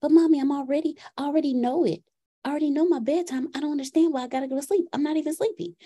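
A woman's voice: sits high, rapid-fire, mellow. A woman doing a whiny little boy. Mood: pleading. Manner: whiny, insistent. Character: young boy pleading about bedtime.

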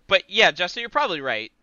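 A man's voice: high voice, sharp tone, no echo, muffled recording. A man co-hosting a casual podcast, rambling and wisecracking as he reacts, swearing freely. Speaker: podcast co-host. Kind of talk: casual chat watching wrestling.

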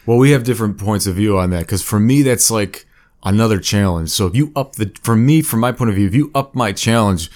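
A man's voice: on the low side, brisk, a little mellow. A man in casual conversation, rambling and self-deprecating, often restarting his sentences. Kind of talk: casual chat.

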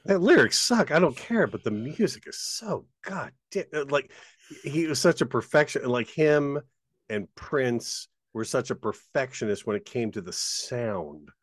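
A man co-hosting a podcast in casual chat, animated and jokey, swearing casually. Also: mid-range voice, measured pace, no room sound, studio quality. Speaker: podcast co-host.

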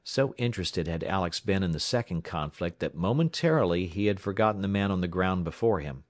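A man narrating an adventure audiobook in a steady, measured reading style. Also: sits low, no echo, studio quality.

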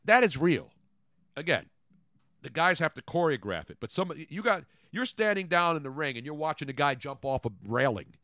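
A man's voice: on the high side, big pitch swings, a little fast, sharp tone, dry recording, clean studio sound. A man hosting a sports podcast in casual chat, brash and opinionated with a joking edge. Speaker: sports radio podcast host.

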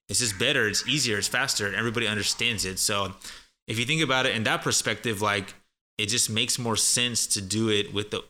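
Man, very bright sharp tone, chatty teacher, repeats example phrases. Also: on the low side. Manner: chatty, demonstrates phrases slowly and repeats them. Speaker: guest English teacher. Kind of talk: casual spoken lesson.

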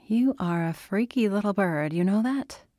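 A woman's voice: lively intonation, normal speed, darkish tone, no echo, studio quality. A woman voicing a nervous young woman new on the job, pleading in a lifted voice. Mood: teasing. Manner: higher, anxious pleading.

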